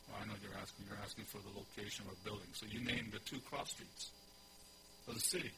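Over background noise, a fast-talking man with a lowish, animated voice preaches to his congregation. In this expository sermon he explains scripture one verse at a time, stresses key phrases through repetition, and poses questions to the listeners.

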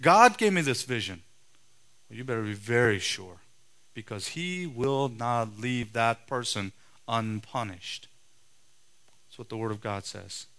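Forceful male preacher. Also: fairly low pitch, measured pace. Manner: forceful, emphatic preaching with sharp rises and drops in loudness. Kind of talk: sermon.

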